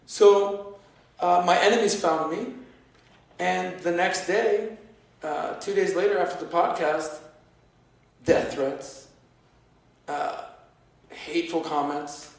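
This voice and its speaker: An animated man spins stories as a podcast guest, slipping into the voices of the people he quotes. His voice sits high for a man and sounds distant from the microphone, in a strongly echoing room. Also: slow pace, gravelly, long pauses. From United States. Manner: animated storyteller who acts out quoted dialogue. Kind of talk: storytelling in a conversational interview. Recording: very echoey room, voice away from the mic.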